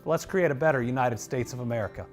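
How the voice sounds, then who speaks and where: A man's voice: medium pitch, fast. A man with a Kentucky accent giving a friendly, upbeat promotional voice-over. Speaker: state governor. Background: music.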